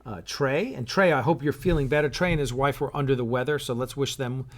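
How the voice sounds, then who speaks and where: A middle-aged man hosts a casual live stream, chatting loosely and reading out viewer comments. He rambles, piling up fillers and false starts, and pauses now and then to sip his coffee. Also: mid-range voice. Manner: rambling, with many fillers and restarts. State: sipping coffee while talking. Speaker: show host and producer.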